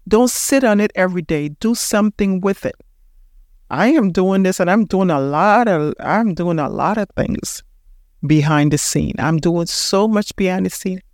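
A Panamanian-accented woman in her sixties delivers a motivational podcast talk. She presses her points home and repeats them for emphasis. Her voice is smooth and resonant, recorded dry and close. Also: fairly low pitch, expressive, moderate pace, a little mellow, dry recording. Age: 60s. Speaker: podcast host.

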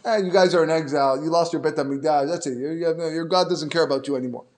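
A man putting on a scornful heretic who mocks with dismissive, taunting words. The voice sits fairly high for a man and sneers rather than shouts, in the manner of a quoted figure in a told story. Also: racing, natural voice. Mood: mocking. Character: scornful male heretic mocking the Jews.

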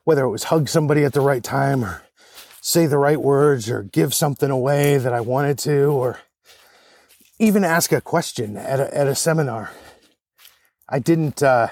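A man's voice: medium pitch, normal speed, darkish tone, dry recording. A man hosting a podcast, talking earnestly while out of breath from hiking uphill outdoors. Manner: earnest, encouraging. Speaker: podcast host. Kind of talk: casual solo podcast monologue.

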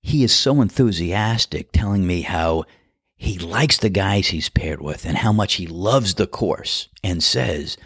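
A middle-aged man hosts a podcast and tells stories in a relaxed, chatty, amused way. His voice is very low. It is recorded on a close mic in a dry, dead space. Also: measured pace, husky, no echo. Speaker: podcast host and golf course starter. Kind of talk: storytelling monologue.

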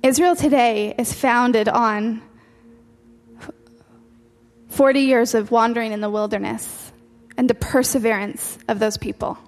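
A woman's voice: fairly high pitch, steady tone, unhurried. A woman preacher delivering an earnest sermon, repeating key phrases for emphasis. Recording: long hall reverb with faint music.

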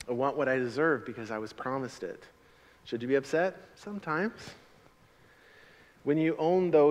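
A middle-aged man preaching a sermon as a pastor, animated, swinging from loud emphatic lines to quiet asides. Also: medium pitch. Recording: long hall reverb.

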